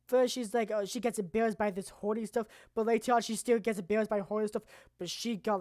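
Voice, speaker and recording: A woman streamer presenting anime awards in casual, rambling, profane commentary that now and then bursts into loud shouting. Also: medium pitch, steady tone, fast, few pauses, no echo, clean studio sound.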